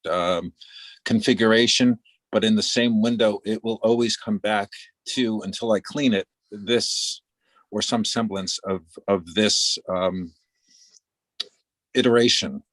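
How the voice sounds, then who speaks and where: A man photographer describing his work in a relaxed, reflective way over a video call. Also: on the low side, unhurried, no echo. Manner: relaxed, reflective, with little laughs. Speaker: photographer in the exhibition. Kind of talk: casual video-call discussion.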